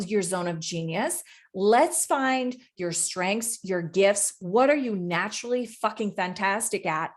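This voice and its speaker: A woman with a medium-pitched voice co-hosts a podcast and also coaches. She chats casually and candidly, swearing freely while telling animated stories.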